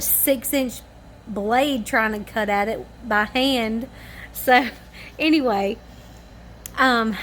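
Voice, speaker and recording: Her voice is high and fairly bright, with a little background noise. This family vlogger is worn out and yawning, rambling casually to the camera at home one evening.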